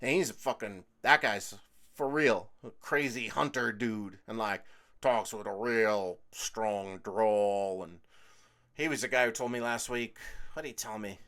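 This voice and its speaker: A man's voice: on the low side, a little slow, fairly bright tone. Profane rambling storyteller, man. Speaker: host. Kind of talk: rambling casual monologue. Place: indoors at home.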